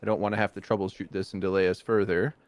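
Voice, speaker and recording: A man on a new headset in a voice call, speaking hesitantly with many pauses and "uh"s. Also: sits low, level tone. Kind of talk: casual chat.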